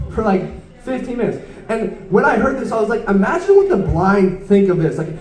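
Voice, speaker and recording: A man's voice: high-pitched, big pitch swings, moderate pace, darkish tone. A young man in his late teens doing a stand-up set, rambling and self-deprecating, stumbling over his words. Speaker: stand-up comedian. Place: comedy club stage. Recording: roomy club sound from far off.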